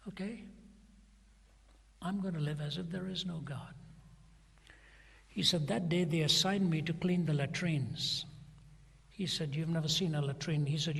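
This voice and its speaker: Older guy preaching, slightly high husky voice, acts out the back-and-forth, long reverb like a big hall. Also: fairly bright tone. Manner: dramatic retelling, acting out each side of a dialogue. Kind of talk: sermon storytelling.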